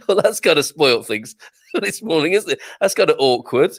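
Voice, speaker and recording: A man's voice: on the high side, no room sound, clean studio sound. An English man co-hosting a casual chat show over a video call, jokey and teasing. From England. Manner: jokey, teasing, quick to laugh. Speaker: co-host.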